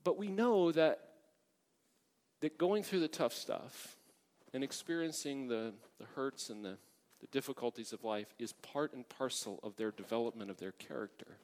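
A middle-aged man delivers a sermon from the pulpit, swinging between loud emphatic calls and quieter reflective stretches. He often checks in with "right?" and asks for an amen. His mid-pitched voice carries a long reverb from the large sanctuary. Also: moderate pace. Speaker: pastor.

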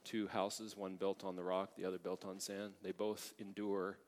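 Animated male pastor preaching in a reverberant hall. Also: low-pitched, normal speed. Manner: animated preaching, rising loud for emphasis, often asking "right?" and "amen?". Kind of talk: sermon. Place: large church sanctuary.

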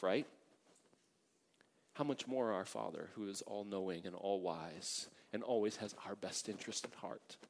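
A middle-aged man preaching a sermon as a pastor, animated and emphatic, often asking the congregation for an amen. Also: fairly low pitch. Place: large church sanctuary. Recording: long hall reverb.

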